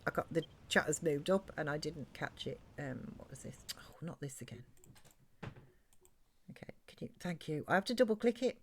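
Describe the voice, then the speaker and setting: A woman chatting casually and softly on a gaming live stream, rambling with many fillers. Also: deep voice, lively intonation, moderate pace, husky.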